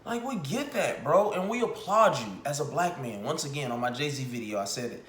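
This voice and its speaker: A man's voice: a little high, lively intonation, moderate pace, a bit bright, a little hiss or hum. Brief: young man, raised voice, ranting vlog commentary, mocking and exasperated, roomy echo. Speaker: commentary vlogger. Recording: echoey room.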